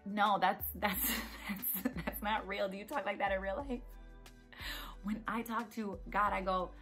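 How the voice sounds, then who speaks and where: Woman, devotional speaker, earnest and chatty, mid-pitched voice, soft music underneath. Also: steady tone, fairly quick. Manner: earnest, conversational, repeats key phrases for emphasis. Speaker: poet giving a devotional message. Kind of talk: casual devotional encouragement talk. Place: at home.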